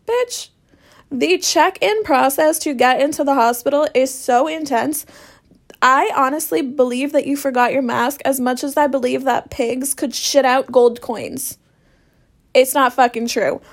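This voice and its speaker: A woman's voice: high-pitched, measured pace. A young woman telling stories in a casual monologue, swearing freely and sarcastic in a ranting way. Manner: profane, sarcastic, rant-like.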